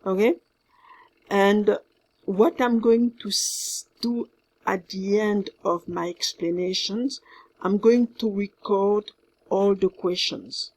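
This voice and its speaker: A woman with a French accent records instructions for her class. She talks slowly and carefully, repeating her points, with a slightly husky voice. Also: medium pitch, fairly even intonation, a little mellow. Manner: slow, careful, repeats herself, mixes in French words. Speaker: French teacher.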